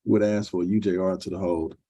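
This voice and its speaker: A man speaking as a defense lawyer in court, formal and measured, with hesitant fillers. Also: deep voice, flat delivery, warm tone. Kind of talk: courtroom argument.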